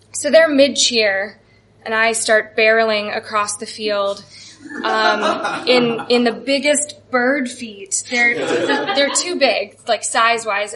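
A young woman telling a funny personal story to a live audience, chatty and self-deprecating, her talk peppered with "like". Her voice sits a little high and sounds bright and crisp.

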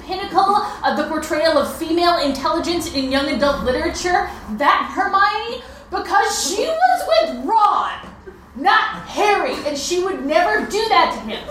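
A woman playing a nerdy, know-it-all wife in a live comedy sketch, indignant and quick to correct. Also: very high-pitched, lively intonation, fairly bright tone, full character voice. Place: comic book shop, live audience. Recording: echoey room from far off, noisy.

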